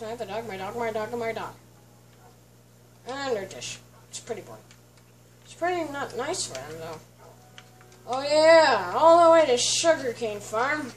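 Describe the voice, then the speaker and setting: A woman giving casual, chatty commentary while touring her game world, often stopping to clear her throat. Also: on the high side, slight background noise. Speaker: let's play host. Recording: distant mic with faint background music.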